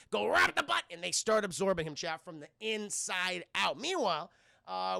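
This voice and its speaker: A man excitedly recapping a film scene by scene for his live chat, swearing freely and talking straight to the viewers. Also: high voice, creaky, dry recording, clean studio sound. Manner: excitable, profane, keeps addressing chat. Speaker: streamer reviewing a film.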